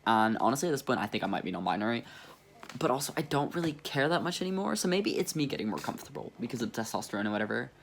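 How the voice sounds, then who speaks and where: A man's voice: mid-range voice, sing-song, very fast. Young man, personal vlog, candid, rambling, nervous laughter, faint room hum. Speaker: vlogger.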